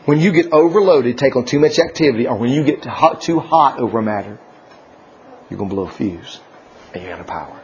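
A man preaching a folksy sermon, laughing often and swinging from loud declarations to hushed asides. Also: medium pitch, animated, fairly quick, a little hiss or hum. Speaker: pastor. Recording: dull lo-fi church recording.

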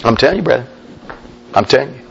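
A man's voice: expressive, fast talker, vocal fry, highs cut off, slight background noise. A man preaching a folksy, emphatic sermon as a pastor, talking straight to his congregation. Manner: folksy, emphatic preaching, mimics objectors in a high voice.

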